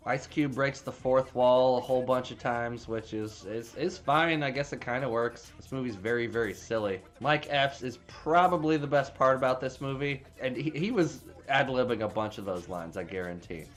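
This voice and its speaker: A man's voice: mid-range voice, moderate pace, few pauses. Man rambling through a movie recap. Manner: rambling, swears freely, frequent restarts. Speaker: movie reviewer. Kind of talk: casual spoiler movie recap.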